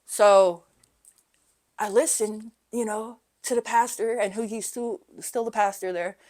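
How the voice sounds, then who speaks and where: A woman sits as a podcast guest and tells her own story in a loose, candid ramble, tossing in "right?" after nearly every thought. Her voice sits in a middle range and drops to a hushed tone when she relives the worst moments. She swears now and then without any fuss. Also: medium pitch, steady tone, a little slow. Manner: rambling and candid, with frequent "right?" and "you know"; swears casually. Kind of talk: telling her life story in a casual interview.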